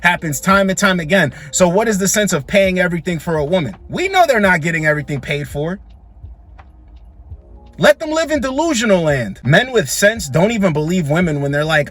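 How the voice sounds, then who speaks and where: A man's voice: high-pitched, animated, a little fast, a bit bright. A man hosting a reaction commentary channel, talking bluntly and lecturing his viewers. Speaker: commentary host.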